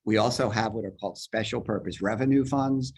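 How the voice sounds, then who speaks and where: A man heading an agency, walking a virtual public forum through budget figures step by step on a video call, talking fast and explaining as he goes. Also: fairly low pitch, a little mellow, breathy edge. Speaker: agency head presenting a budget. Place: virtual meeting, speaking from home or office.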